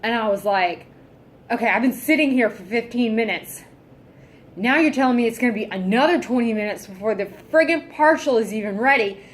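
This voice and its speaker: A woman's voice: a little high, animated, fairly quick, slight background noise. A woman venting in a casual vlog, exasperated and heavily profane, sighing often. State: fed up and irritable. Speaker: vlogger.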